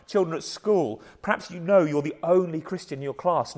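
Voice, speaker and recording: A hoarse man with an English accent, preaching a sermon in an earnest, conversational way with frequent repeated starts. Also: a little high, fairly quick, hardly any pauses, big-room sound. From England. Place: church.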